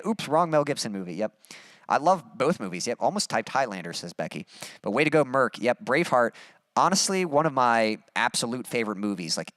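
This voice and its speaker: A man's voice: mid-range voice, a bit bright. A young man hosts a casual livestream in an upbeat, chatty way, reading viewer comments as he goes. His voice sits in a middle range. The sound is close and dry, with no room echo. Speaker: livestream host and musician.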